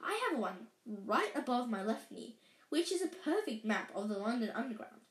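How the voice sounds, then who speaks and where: A woman voicing a wise old male wizard who speaks in a calm, measured, gently wry way, read aloud from a storybook in an echoey room. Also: fairly high pitch.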